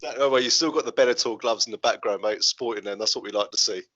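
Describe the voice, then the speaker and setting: A man's voice: mid-range voice, quick pace, fairly bright tone, highs cut off. A man hosting a podcast, chatting casually, laughing often and swearing in passing. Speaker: podcast host. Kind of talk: casual chat.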